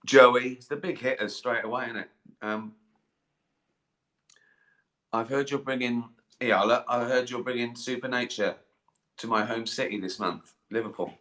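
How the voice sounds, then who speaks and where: Chatting on a live stream, a middle-aged comedian fields fan questions in a steady, slightly bright mid-range voice at normal speed, leaving long pauses. He rambles, swears freely and makes fun of himself, picked up by a webcam or phone mic in an echoey room.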